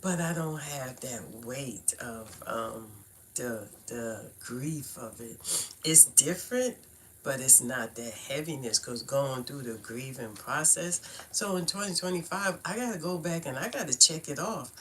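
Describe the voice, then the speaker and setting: A chatty middle-aged woman with a Brooklyn accent hosts a casual livestream, tossing playful asides to her viewers and laughing easily. Her voice is bright and forward, with a faint hiss behind it from the home stream. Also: extremely low pitch, animated, a little slow. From Brooklyn, New York. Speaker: livestream host teaching cardology.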